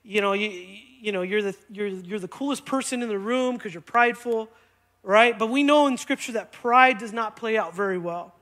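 A man preaching a sermon in church, energetic and conversational, often checking in with the congregation. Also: sits high, moderate pace. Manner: energetic, conversational, keeps asking "right?". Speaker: pastor. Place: church sanctuary.

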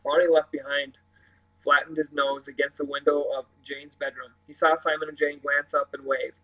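A man reads a novel aloud in a steady, even voice that barely rises or falls. His pitch sits a little high, and now and then he stops to correct a slip. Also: normal speed, low-quality recording. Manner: steady reading with occasional self-corrections. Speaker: reader.

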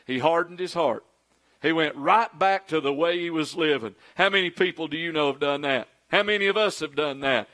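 A man's voice: high voice, fairly bright tone. A middle-aged man preaching a sermon as pastor, acting out quoted pleas in a raised, pleading voice.

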